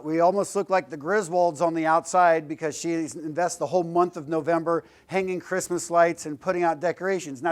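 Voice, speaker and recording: Man, guest speaker, slightly high pitch, joking, blunt, lightly profane. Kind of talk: casual motivational class talk. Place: classroom lecture.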